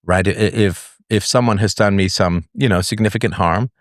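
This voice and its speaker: A man with a deep voice hosts a live call-in philosophy show. He talks in a reflective, wandering way with a wry edge. His voice sounds dry and close, with no room echo. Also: a little fast.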